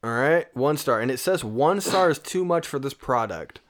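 A man's voice: medium pitch, animated, moderate pace. A man co-hosting a podcast, reading product reviews aloud in casual chat, joking and laughing often. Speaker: podcast co-host.

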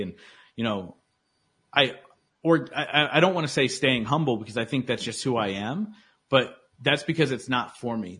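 A man with a medium-pitched, fairly bright, husky voice appears as a podcast guest in casual interview chat. He's earnest and motivational, his speech heavy with fillers like "like" and full of restarts.

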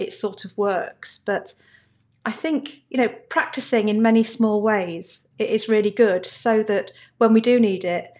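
A woman's voice: medium pitch, darkish tone. A woman hosting an interview show, chatting openly and sharing her own stories. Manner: chatty, shares personal anecdotes. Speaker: show host. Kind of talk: conversational interview.

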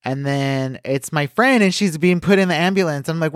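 A man co-hosting a podcast, reading the news and telling stories in casual chat, swearing often and acting out quotes loudly. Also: on the high side, normal speed, hardly any pauses, smooth, dry recording, studio quality. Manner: animated, swears a lot, acts out quotes loudly. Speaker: podcast co-host.

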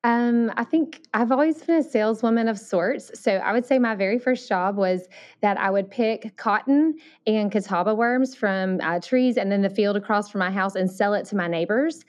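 A woman in her forties from Alabama with a Southern accent, telling her story as an interview guest in an earnest, thoughtful way with many pauses and ums. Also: medium pitch. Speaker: missionary guest.

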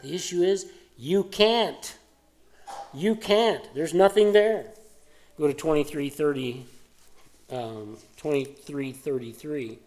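Emphatic male preacher, somewhat high voice. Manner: emphatic, conversational, swinging from loud to hushed asides. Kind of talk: sermon, verse-by-verse Bible teaching.

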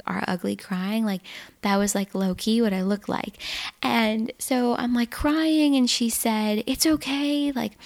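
A woman's voice: medium pitch, gravelly, darkish tone. A young woman hosting a podcast, telling a personal story in a casual, earnest way, with lots of "like" and restarts. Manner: chatty, filler-heavy, earnest and emotional. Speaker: podcast host.

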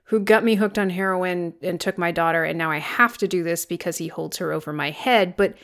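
A woman co-hosting a podcast, recapping a film in casual chat with sarcastic, animated storytelling and plenty of swearing. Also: on the low side, fairly quick. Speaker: podcast co-host.

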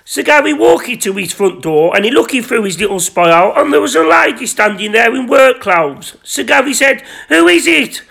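Bloke reading his own smutty story deadpan on his podcast, really high voice, gravelly and bright. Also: normal speed, few pauses. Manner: rambling, crude, self-important. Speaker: podcast host.

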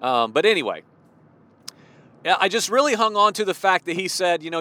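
A man in his forties from Illinois with a slight Midwestern accent, talking casually from his car about faith, chatty and expressive, restarting sentences and chuckling. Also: high-pitched, a little fast, dry recording. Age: 40s. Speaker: Christian vlogger. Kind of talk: casual devotional talk while driving.

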